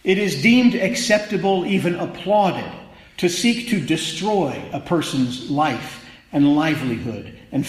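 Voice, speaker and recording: A man's voice: fairly high pitch, roomy sound, low-quality recording. A man preaching a sermon in a conversational, wry way that builds to emphatic peaks. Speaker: pastor.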